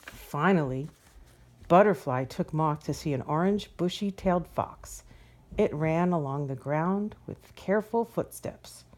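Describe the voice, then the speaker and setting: A woman reading a children's picture book aloud as a storyteller, gentle and expressive. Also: deep voice, unhurried.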